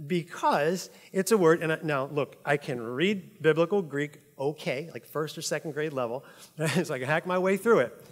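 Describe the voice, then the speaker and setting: A man preaches in a relaxed, conversational way, often laughing and checking in with his listeners. His voice sits a little high for a man. The sound carries the long reverb of a large hall. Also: moderate pace. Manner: chatty, laughs often, says "like" and "right?" a lot. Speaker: pastor. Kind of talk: casual conversational sermon.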